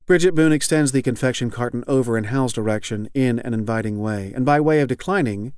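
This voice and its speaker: A man reading literary fiction aloud as an audiobook narrator, measured and even. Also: mid-range voice, no echo, studio quality. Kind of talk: scripted narration.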